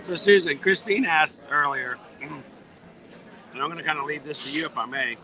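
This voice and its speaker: A man's voice: fairly high pitch, moderate pace, pushed and bright. A man hosting a casual livestream outdoors at a theme park, chatting with viewers while losing his voice. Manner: chatty, thanks viewers for tips. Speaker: livestream host. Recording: noisy outdoor park ambience.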